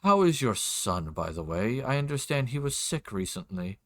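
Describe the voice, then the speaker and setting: A man voicing a sinister grey-skinned nobleman who speaks slowly, formally and with quiet menace. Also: medium pitch, very animated, natural voice. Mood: cool, probing.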